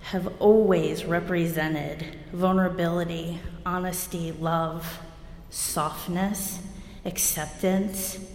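A woman's voice: on the low side, steady tone, takes it slowly, a little mellow, slight background noise. Blunt woman in an echoey hall. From New Jersey. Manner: blunt, self-deprecating and wry, with bursts of laughter. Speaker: recovery meeting speaker. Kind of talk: candid personal share at a meeting. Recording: echoey hall with long reverb.

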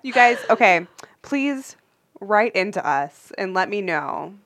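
A woman's voice: medium pitch, expressive, slow, noisy background. A woman co-hosting a podcast in loose, laughing casual chat, swearing freely and leaning on fillers. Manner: loose and profane, laughing often, filler-heavy. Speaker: podcast co-host.

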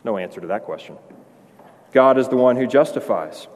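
A man's voice: mid-range voice, animated, normal speed, darkish tone. A man in his forties, a pastor, preaching a sermon in a conversational way that builds to emphatic peaks. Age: 40s. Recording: long hall reverb.

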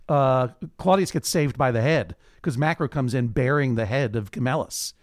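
A man hosting a podcast, recapping a TV episode in a lively way and acting out the characters' lines. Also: mid-range voice, brisk, few pauses, dry recording, clean studio sound. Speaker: podcast host.

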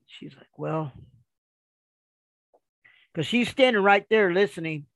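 A man telling a rambling, animated story in casual conversation, acting out the dialogue as he goes. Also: high voice, normal speed, no room sound. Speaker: guest storyteller.

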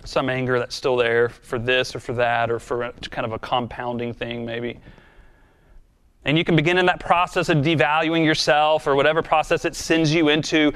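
A man's voice: medium pitch, steady tone, moderate pace, fairly bright tone, smooth. A man preaching a sermon in a conversational, earnest and self-deprecating way, then leading a prayer. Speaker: pastor.

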